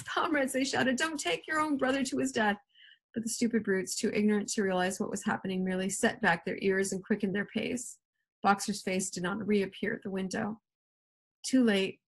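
Woman English teacher, expressive read-aloud, husky breathy tone, mid pitch. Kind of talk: reading a novel aloud to a class.

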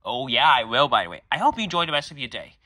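A man's voice: mid-range voice, very animated, very fast, pushed and bright, no echo, studio quality. A man voicing an upset, apologetic father in a homemade cartoon. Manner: exclaiming, apologetic.

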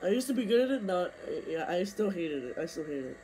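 A young man with a high-pitched, strained voice talks over a racing game he is playing. He grumbles at other players and bursts into excited yelling. A faint hiss sits under the recording. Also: brisk. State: losing his voice. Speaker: gaming streamer. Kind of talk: live gameplay commentary.

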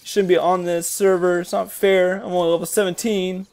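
A gamer giving jokey, excitable commentary over a shooter game, yelling at other players with sudden leaps in pitch. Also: normal speed. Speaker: gaming commentator. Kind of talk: gameplay commentary.

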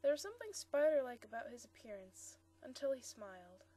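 A woman's voice: high voice, big pitch swings, fairly quick, mellow. A woman reading a short story aloud, stumbling now and then and correcting herself. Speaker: story reader.

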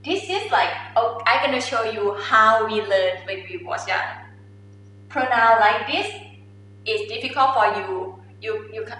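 A woman's voice: medium pitch, normal speed, sharp tone, very echoey, distant mic, a little hiss or hum, poor audio. A woman with a Thai accent teaching her native language to beginners, drawing out model syllables in a playful, encouraging way. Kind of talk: slow, patient language lesson.

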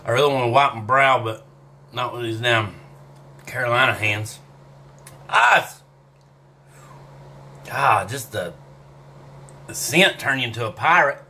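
In a casual self-filmed vlog, a man eats hot sauce and talks to the camera, drawling, swearing and groaning between bites as his mouth burns and he sweats. His medium-pitched voice moves at normal speed with frequent pauses and sounds pushed and bright. There's slight background noise.

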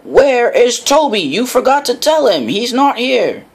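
A man voicing a stout, stern male railway boss who scolds and booms in a storybook reading. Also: animated, unhurried, sharp tone. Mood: cross. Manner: scolding, booming.

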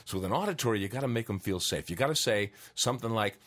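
A man with a fairly low voice gives a casual spoken lesson on influence. His delivery is relaxed and conversational. He drops into brief customer and salesman voices to illustrate his points. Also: fast. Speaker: mindfulness teacher.

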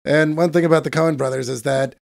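Podcast co-host, man, under the weather, gravelly voice, dry room, loose and profane. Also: a little high, fairly even intonation, fairly quick, no echo. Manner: rambling, profane, self-mocking. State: sick for days. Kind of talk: casual chat.

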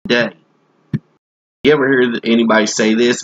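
A man's voice: mid-range voice, level tone, normal speed, long pauses, highs cut off, a little hiss or hum. A man preaching a comic sermon in a folksy, joking, rambling way.

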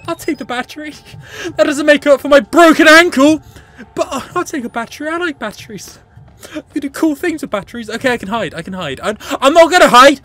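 A woman with a high voice hosts a horror game let's play for her gaming channel at normal speed, with no room sound. Jumpy, animated and joking, she laughs often, swears freely and talks back to the on-screen characters.

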